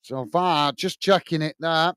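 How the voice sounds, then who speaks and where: Male watch-along host, high clean voice, dry close mic, easygoing match chat. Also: unhurried, smooth, no room sound. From United Kingdom. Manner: friendly, reads out viewer messages, frequent "mate" and "uh" fillers; excited goal call. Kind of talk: live football watch-along commentary and chat.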